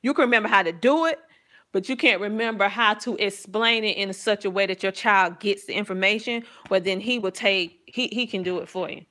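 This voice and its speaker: A middle-aged woman, a homeschooling mom, chatting casually and enthusiastically about her family's math books, rambling a little and laughing softly. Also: medium pitch, a little fast. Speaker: homeschooling mom reviewing curriculum. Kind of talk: casual chat to camera.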